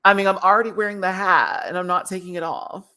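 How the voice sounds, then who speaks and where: A man ranting casually as a show reviewer, sassy and animated, laughing often and swearing freely. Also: sits high, fast talker. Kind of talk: casual reaction rant.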